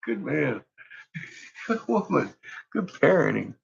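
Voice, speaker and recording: A man's voice: fairly high pitch, big pitch swings, takes it slowly, vocal fry, husky. A middle-aged father telling stories about his son in casual chat, laughing often and swearing freely. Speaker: vlogger, father. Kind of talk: casual storytelling. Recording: dull lo-fi sound.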